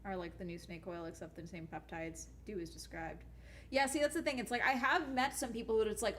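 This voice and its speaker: A young adult woman talks casually to her stream viewers while she plays. She rants bluntly and swears a lot, keeping an animated, frank manner at a middle pitch. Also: fairly quick, slight background noise. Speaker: YouTuber streamer. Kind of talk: casual live-stream chat while gaming.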